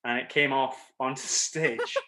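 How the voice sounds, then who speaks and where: A man's voice: mid-range voice, steady tone, normal speed, background noise. A man in a musical theatre cast, telling a sheepish, self-mocking story in casual chat.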